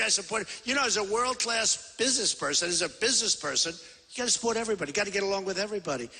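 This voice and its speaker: A presidential candidate in his sixties delivers a rambling, boastful, repetitive rally speech into a podium microphone in a large convention hall. His voice is high with a sharp tone, and the sound carries the reverberation of the hall's PA.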